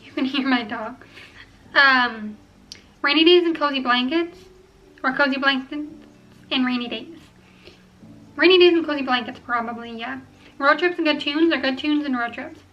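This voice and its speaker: A young woman chatting casually to camera at home, rambling and filling pauses with ums as she weighs each choice. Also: high voice, dull audio. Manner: chatty, rambling, filler-heavy. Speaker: vlogger. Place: home room.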